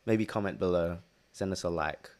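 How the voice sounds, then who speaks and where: A man's voice: low voice, normal speed, darkish tone. A man co-hosting a podcast, talking casually in a playful, rambling way with frequent restarts. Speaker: podcast co-host. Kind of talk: casual chat.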